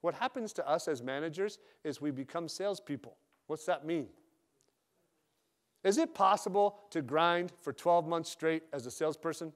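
A man gives a motivational sales talk to a room of loan officers. His voice sits a little high, and he speaks plainly, with slang and dry humor. He comes across as a direct manager who does not mince words. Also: moderate pace. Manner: direct, joking, casual with slang.

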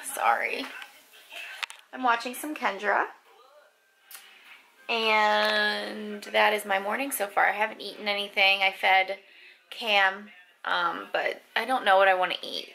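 A woman's voice: medium pitch, steady tone, unhurried, creaky, pauses often, pushed and bright, slight background noise, rough recording. A woman in her twenties chatting casually to camera at home in a vlog, filling her talk with "like" and "um". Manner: chatty, filler-heavy, says "like" a lot. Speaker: lifestyle vlogger and young mother.

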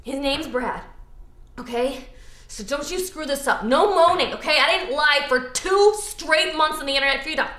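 A woman's voice: high-pitched, animated, normal speed, pushed and bright, reverberant. An actress playing a bossy, crude young woman who drills herself in a comedy short film.

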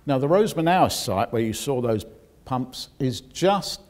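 A geoscientist giving a public lecture, explaining technical details with dry asides to the audience. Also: male voice, mid-range voice, lively intonation, a little slow, a little mellow.

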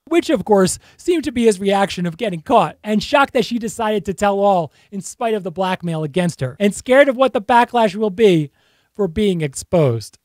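A man's voice: high-pitched, animated, moderate pace, no echo, studio quality. A man narrating analytical commentary over video clips, with a pointed, accusing tone. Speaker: body language commentator.

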